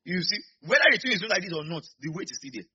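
A Nigerian man preaching a sermon in church, swinging between quiet asides and sudden shouts. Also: high voice, very animated, quick pace, slightly rough, highs cut off. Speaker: pastor.

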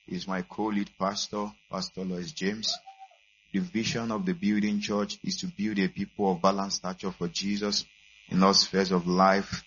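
A man, a pastor giving a sermon to his church and building to loud preaching. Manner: builds from calm welcome to loud, high-pitched preaching. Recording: dull lo-fi church recording.

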